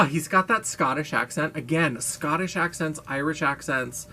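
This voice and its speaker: A man's voice: fairly high pitch, moderate pace, hardly any pauses, bright, forceful tone. A man vlogging in a casual monologue, gushing, playful and self-mocking, with a brash, blaring voice.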